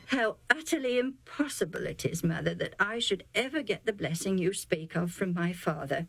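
A woman's voice: medium pitch, expressive, normal speed, gravelly, fairly bright tone, husky, no room sound, faint music behind, full character voice, rough recording. Eager, scheming young man, voiced by a woman narrator. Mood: earnest.

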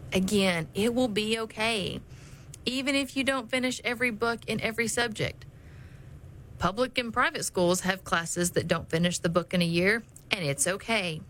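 A middle-aged woman speaks in a calm, reassuring way, as if reading prepared advice. Her voice sits at an ordinary pitch for a woman. A faint hiss of noise runs underneath. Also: moderate pace, rough recording. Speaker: homeschooling mother. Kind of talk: scripted advice talk.

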